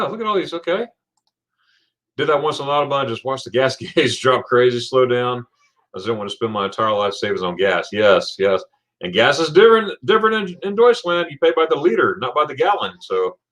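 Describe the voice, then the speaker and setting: A chatty man hosts a livestream, laughing often as he reads viewer comments aloud. His voice is medium in pitch, animated and fairly quick, with a fairly bright tone.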